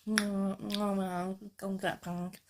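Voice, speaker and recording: A woman's voice: medium pitch, level tone, measured pace, lightly acted. A woman imitating a bored, curt young female shop assistant with a Glasgow accent.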